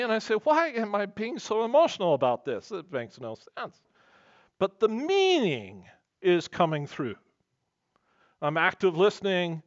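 A man's voice: high-pitched, fairly bright tone, dry recording, dull audio. A man preaching a sermon as pastor, earnest and emphatic, weaving in personal stories.

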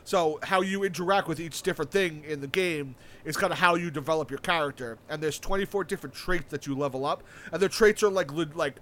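A young man with a somewhat high-pitched voice talks in a loose, rambling way. He piles on "like" and starts sentences over and over. He swears casually and stays eager throughout. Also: quick pace, hardly any pauses, fairly bright tone. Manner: rambling, filler-heavy, with frequent restarts and casual swearing; enthusiastic about a video game. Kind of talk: casual chat.

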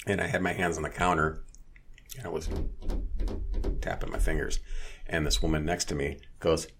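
A man's voice: rumbling low, little pitch movement, normal speed, background noise. A man in casual chat, telling blunt, profane stories as a podcast co-host.

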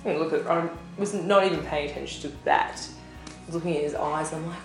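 Chatty young woman, low and roomy. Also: quick pace. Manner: chatty, heavy on filler "like". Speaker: interviewee telling her love story. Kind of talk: candid personal storytelling. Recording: roomy echo with music bed. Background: soft instrumental music.

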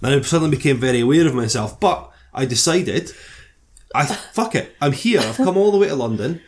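A man's voice: mid-range voice, lively intonation, brisk. Sweary self-mocking Scottish man. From Scotland. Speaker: podcast co-host. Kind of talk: casual storytelling chat.

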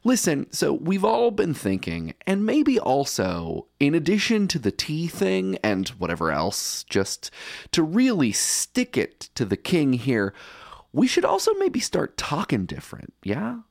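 A man's voice: a little high, huge pitch swings, unhurried, vocal fry, no echo, clean studio sound, voice pushed up, exaggerated voice. A man voicing a chummy, conspiratorial male colonial rebel announcing a plan to his fellow colonists.

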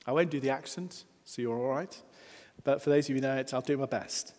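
A man's voice: mid-range voice, fairly quick. Earnest male preacher in a reverberant hall. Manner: earnest, builds emphasis with rising lines then drops soft. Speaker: pastor. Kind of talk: sermon.

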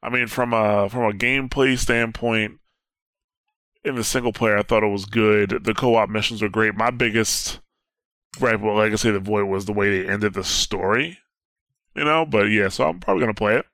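Man, podcast co-host, bright sharp voice, dry sound, easygoing gamer banter. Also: fairly low pitch, normal speed, dry recording. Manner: animated, laughs often, swears casually. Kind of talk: casual gaming chat.

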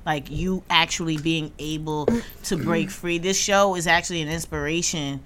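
A woman's voice: sits low, steady tone, moderate pace, background noise. A woman co-hosting a podcast in casual chat, reflective and full of fillers and encouraging mm-hmms. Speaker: podcast co-host.

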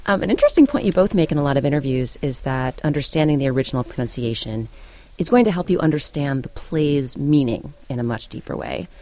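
A woman interviewer asks prepared, inquisitive questions. Her voice is low and mellow. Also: animated, quick pace.

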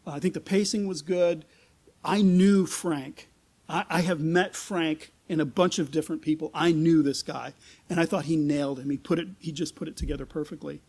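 A middle-aged pastor with a high-pitched voice preaches in a loose, conversational way. He often restarts and repeats words as he tells a story to make his point. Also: steady tone, moderate pace, a little mellow, husky. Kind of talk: sermon with storytelling.

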